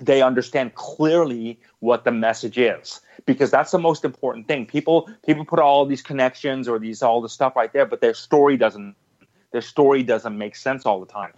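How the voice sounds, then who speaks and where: A man's voice: mid-range voice, normal speed, a little mellow, lo-fi sound. A man answering interview questions about his business, emphatic and repetitive, often restarting his sentences. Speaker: guest, business owner.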